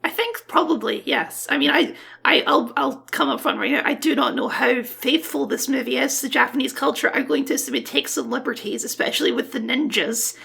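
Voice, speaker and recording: A man's voice: extremely high pitch, expressive, brisk, vocal fry, few pauses, pushed and bright, slightly rough. A man co-hosting a podcast, chatting casually about films with a wry, joking manner. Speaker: podcast co-host. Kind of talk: casual film chat.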